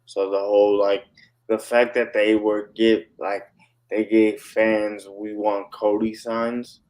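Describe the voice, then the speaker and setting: A man co-hosting a podcast in casual chat, speaking slowly and tentatively. His voice sits fairly low, and he hedges often with little fillers. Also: flat delivery, darkish tone, rough recording. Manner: slow, tentative, hedging with "like". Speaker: podcast co-host.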